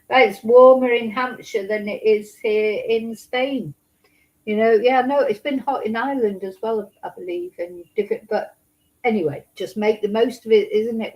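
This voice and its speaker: A woman's voice: on the high side, dull audio. A woman hosting a casual true crime livestream from her home in Spain, talking in a rambling, emotional way with many restarts.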